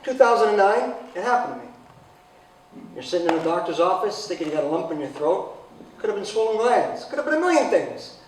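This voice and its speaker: A man with a fairly high voice tells a funny personal story from a stage, dry and sarcastic, and now and then he bursts out loud and excited. He is heard from a distance in a very echoey hall, with faint noise behind him. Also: a little fast. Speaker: speaker giving a talk. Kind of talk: humorous personal talk.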